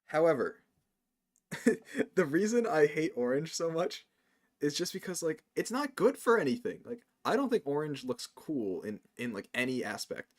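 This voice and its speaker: A man from New rants in casual stream chat, saying "like" constantly. His voice sits a little high and moves in a lively way. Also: normal speed. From New York. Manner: animated ranting, says "like" a lot, laughs often.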